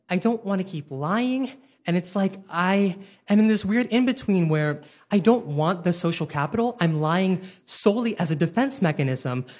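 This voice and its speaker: Self-mocking young man telling a story. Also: high voice. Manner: self-deprecating, quick-witted, many fillers. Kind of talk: live personal storytelling.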